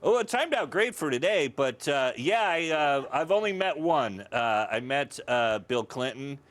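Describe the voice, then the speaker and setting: A man's voice: mid-range voice, sing-song, unhurried, a bit bright. Man, comedian guest, self-deprecating, laughs a lot, studio chat. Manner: self-mocking, laughs often, does goofy voices. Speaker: guest comedian and comic writer. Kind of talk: casual talk-show interview.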